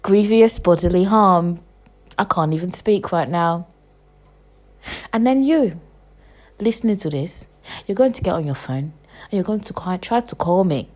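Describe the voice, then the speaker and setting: A woman in her twenties hosting a podcast, delivering a heated, profane rant full of repetition, with loud bursts and hushed asides. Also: lowish voice, animated, measured pace, pauses often. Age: 20s. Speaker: podcast host. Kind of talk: casual podcast monologue.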